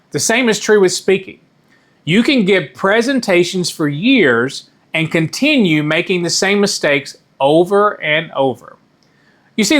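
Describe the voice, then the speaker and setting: A middle-aged man coaching viewers on how to speak, his voice a little higher than most men's. He talks in a measured, deliberate way, leaning on the key words, and sometimes stops to correct himself mid-sentence. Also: bright, forceful tone. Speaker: communication coach. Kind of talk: instructional talk to camera.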